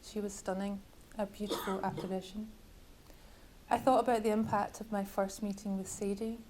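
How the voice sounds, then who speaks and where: Woman author, measured bookshop reading, level even delivery. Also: mid-range voice, rough recording. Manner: measured, literary reading with wry asides. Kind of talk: reading from her novel.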